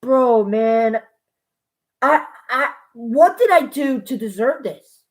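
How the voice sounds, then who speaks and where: Excitable, foul-mouthed woman reviewer. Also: on the high side, slow. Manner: excitable, profane, bursts into gushing shouts. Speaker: wrestling show reviewer. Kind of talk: casual spoken review.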